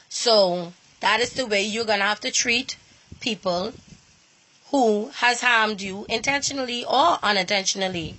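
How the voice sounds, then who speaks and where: An inspirational speaker with a slightly high, pushed, bright voice gives an earnest personal talk about faith. She repeats herself and halts to restart phrases as she goes.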